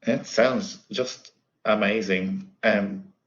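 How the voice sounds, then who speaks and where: A man interviewing a guest, asking questions hesitantly with many fillers and pauses. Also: on the low side, steady tone, lo-fi sound. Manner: hesitant, fillers and throat clearing. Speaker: interviewer, academic.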